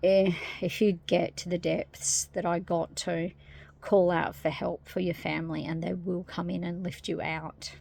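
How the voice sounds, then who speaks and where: A woman talking casually to camera in a spiritual vlog, rambling softly with many fillers. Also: lowish voice, flat delivery, measured pace, gravelly, husky. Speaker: spiritual vlogger.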